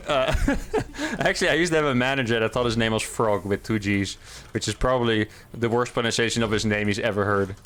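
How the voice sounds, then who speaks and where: A man talks through his own match while he plays it, in casual, upbeat commentary. His voice sits at an ordinary middle pitch, and he thinks out loud in a relaxed, chatty way. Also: fast. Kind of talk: casual live game commentary.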